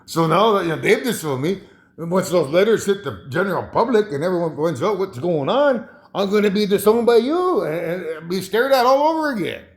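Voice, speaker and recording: A man holds forth in a loose, rambling monologue, often breaking into chuckles and restarting his sentences. His voice sits a little high for a man and swings widely up and down as he talks. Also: sing-song, a little fast. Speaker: vlogger.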